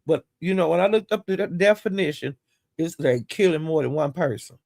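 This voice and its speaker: A woman's voice: sits low, expressive, fairly quick, gravelly, darkish tone, no echo, studio quality. A woman vlogger giving casual gossip commentary, blunt and profane, sounding exasperated as she retells the drama.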